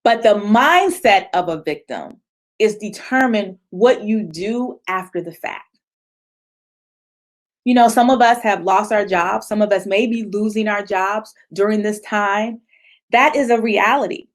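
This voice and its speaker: A woman giving an animated motivational talk to a virtual retreat audience, acting out other people's voices and laughing often. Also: medium pitch, unhurried. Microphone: video call.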